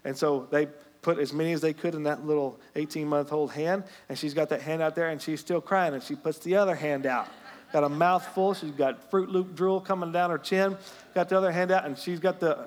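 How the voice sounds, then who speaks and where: A man preaching a sermon as pastor, animated and storytelling, climbing to loud emphatic peaks. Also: on the high side, a little fast. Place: church sanctuary. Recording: long hall reverb.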